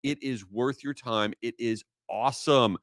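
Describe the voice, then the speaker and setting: A man's voice: medium pitch, a little slow, fairly bright tone, no echo, studio quality. A man hosting his own podcast, talking casually with energy and enthusiasm, drifting into rambling asides. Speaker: podcast host. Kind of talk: casual solo podcast talk.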